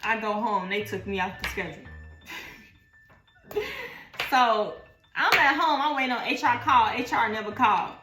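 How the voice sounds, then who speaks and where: A young woman, telling a slangy, animated storytime in a casual vlog. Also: fairly high pitch, fairly quick. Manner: animated, slangy storytelling, voices others in quotes. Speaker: vlogger. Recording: echoey room with faint music.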